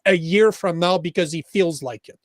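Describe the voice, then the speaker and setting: An emphatic man with a Quebec French accent, talking politics on a podcast with a fairly high voice. He swears freely and restarts sentences as he pushes his point. The sound is dry and close. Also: moderate pace, dry recording. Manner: emphatic, profane, restarts often. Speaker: podcast host. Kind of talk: casual political chat.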